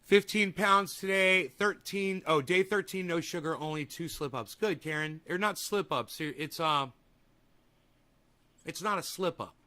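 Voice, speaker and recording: Livestream guy, kinda high bright voice, cussing and rambling back at his chat. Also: unhurried. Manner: profane, combative, rambling with restarts. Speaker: livestream host. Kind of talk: casual livestream chat reading comments.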